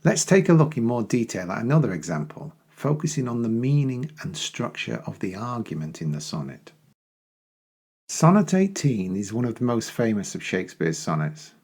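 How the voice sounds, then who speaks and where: Guy with a low gravelly voice explaining poems slow and careful, kinda husky. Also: very animated, darkish tone. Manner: measured explanatory delivery, slowing for recitations. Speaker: teacher. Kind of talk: poetry lesson with recited verse.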